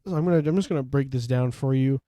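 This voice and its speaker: A man talks through a movie with a friend, his voice mellow and relaxed. He rambles, stacking filler words as he goes. The sound is dry and close. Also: mid-range voice, fast talker, dry recording. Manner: rambling, leans heavily on "like" and fillers. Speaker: podcast co-host. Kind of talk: casual film discussion.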